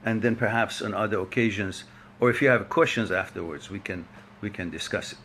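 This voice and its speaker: A man's voice: lowish voice, brisk, a bit bright, a little hiss or hum. A man hosting a live online talk, chatting and laughing as he greets viewers by name before starting his topic. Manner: chatty, laughs often, rambling.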